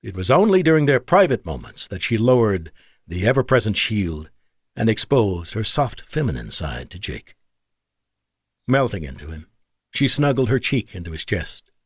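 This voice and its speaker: A male audiobook narrator reading a thriller in a measured, expressive way. His pitch moves a lot within mid range, and the recording is dry and close with no room sound. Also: no room sound.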